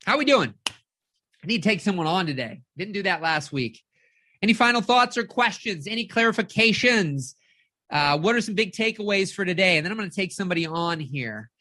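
A woman life coach giving an energetic live-streamed motivational talk, keeps checking in with her audience and acts out inner voices. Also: mid-range voice, a little fast, no echo, clean studio sound.

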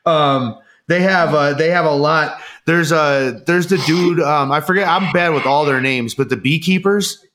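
A man with a slightly high voice chats casually, telling a story in a loose, animated way. He swears a lot and jumps up in pitch when he acts out other people's lines. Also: measured pace, a little hiss or hum. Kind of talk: casual chat.

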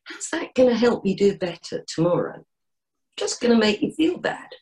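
Animated woman coaching on a podcast. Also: medium pitch, moderate pace. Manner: animated, gently encouraging, acts out inner voices. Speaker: coach and guest. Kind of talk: podcast interview.

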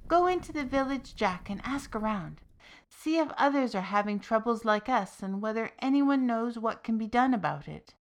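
A woman's voice: a little high, animated, normal speed. A woman voicing an elderly widowed mother who is fretful and bossy, in a storytelling podcast. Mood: anxious. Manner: raised, fretful, commanding.

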